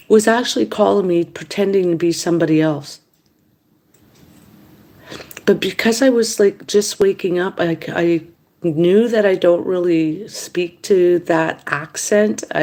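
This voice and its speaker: Slow-talking woman rambling late at night. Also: on the low side. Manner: rambling, complaining, animated when quoting others. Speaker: mukbang vlogger. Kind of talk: casual late-night monologue. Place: indoors at home.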